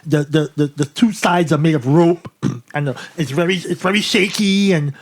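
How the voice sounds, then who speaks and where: A man's voice: on the high side, normal speed. A man co-hosting a podcast, telling a story casually with restarts and frequent "right?" checks. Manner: animated, restarts, tags "right?". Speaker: podcast co-host.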